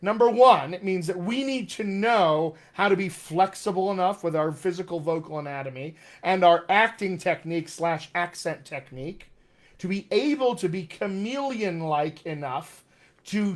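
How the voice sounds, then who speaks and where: A man coaching actors on accents in a live-streamed Q&A, talking with energy and repeating his key points for emphasis. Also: on the high side. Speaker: dialect coach.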